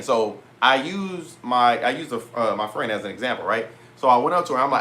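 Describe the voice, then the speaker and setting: A young vlogger talks fast with a mid-range voice and hardly pauses while telling a story on camera. He's animated and swears a lot in casual slang, quoting conversations by acting out what each person said.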